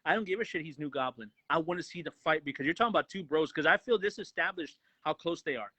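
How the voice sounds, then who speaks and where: Bright, excitable man ranting about movies. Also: fairly high pitch, fast talker, no echo, low-quality recording. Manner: excited, profane, acts out quotes. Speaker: podcast co-host, movie reviewer. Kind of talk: casual movie review chat.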